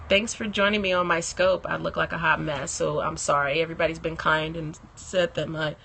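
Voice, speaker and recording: A woman's voice: sits low, steady tone, fairly quick, creaky, pushed and bright, a little hiss or hum. A woman hosting a casual live stream from her phone, chatting and laughing often and greeting viewers by name.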